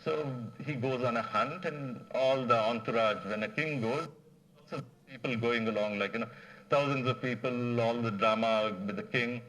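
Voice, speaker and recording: Animated man telling a folk tale. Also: medium pitch, moderate pace, rough recording. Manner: animated, digressive, many fillers. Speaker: speaker at a management association. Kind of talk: storytelling talk.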